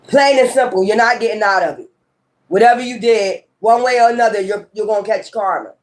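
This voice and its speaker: A woman's voice: medium pitch, a little fast. A woman tarot reader in a casual ranting monologue. She talks emphatically, swears and repeats her points. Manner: emphatic, profane and repetitive.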